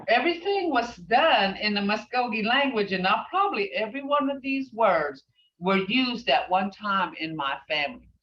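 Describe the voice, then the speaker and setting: A patient woman teacher talks at a very unhurried pace, sounding each word out letter by letter and repeating it. She sits far from the mic in an echoey room. The sound is dull and carries a faint hiss. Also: medium pitch. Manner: spells out sounds letter by letter, repeats words slowly. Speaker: language teacher. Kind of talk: slow, patient classroom teaching. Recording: far, roomy, dull, faintly noisy classroom recording.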